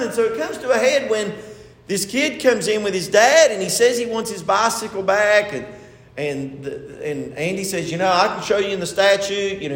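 Man, pastor, sermon, high voice, storytelling, emphatic, echoey sanctuary. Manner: retells a story with acted quotes, rising to emphatic preaching.

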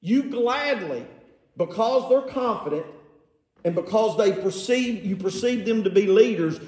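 A man's voice: sits high, lively intonation, measured pace, a little mellow. A man preaching a sermon from scripture, asking his congregation rhetorical questions and paraphrasing the text with sarcasm. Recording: echoey room.

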